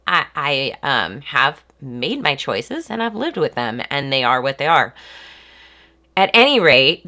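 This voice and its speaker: Low, stuffy-voiced woman musing aloud. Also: bright, forceful tone. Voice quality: nasal. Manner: hesitant, many ums and restarts. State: stuffy, congested. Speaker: live-stream host. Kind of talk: casual reflective monologue.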